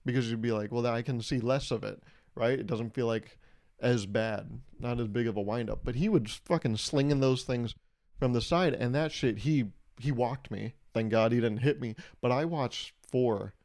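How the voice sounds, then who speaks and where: A young man hosting a podcast, telling comedic stories in a casual way and acting out quotes in a raised, animated voice. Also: medium pitch, moderate pace. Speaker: podcast host.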